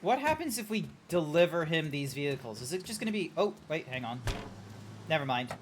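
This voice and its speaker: A man's voice: on the high side, sing-song, a little fast, a little hiss or hum. Rambling man streaming a game. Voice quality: rambling, lots of fillers and asides. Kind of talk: casual gameplay commentary. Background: music playing.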